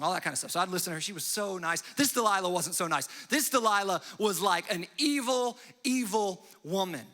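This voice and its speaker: A young pastor preaches a sermon in a church hall, telling a story and briefly acting out its characters with quick voices and asides. His high voice is animated, pushed, and bright, trailing off into long reverb.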